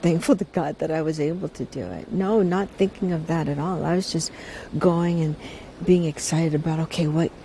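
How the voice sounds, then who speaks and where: A middle-aged woman as a celebrity guest in a casual interview, speaking softly and reflectively, often restarting her sentences. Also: low-pitched, steady tone, normal speed, a little hiss or hum. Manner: soft-spoken, reflective, with many restarts.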